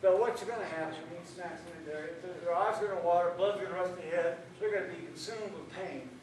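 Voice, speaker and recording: A man's voice: high-pitched, steady tone, fast, a little mellow. A middle-aged man leading a martial arts self-defense seminar, teaching in a folksy, joking, plainspoken way. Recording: echoey hall, far from the mic, noisy.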